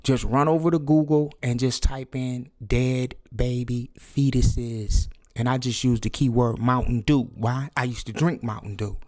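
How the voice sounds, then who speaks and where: A man's voice: mid-range voice, steady tone, a little slow, hardly any pauses, no room sound. Preachy guy ranting to his viewers, repeats himself a lot, mid voice, dry close mic. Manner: preachy, repetitive, drops to hushed whisper for emphasis. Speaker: vlogger. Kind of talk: conspiracy talk video.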